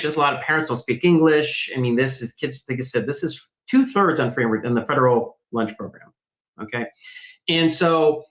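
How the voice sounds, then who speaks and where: Male interview guest, mid-pitched, animated storyteller, roomy echo. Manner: animated, acts out quoted voices. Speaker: guest, math program founder. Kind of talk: conversational storytelling.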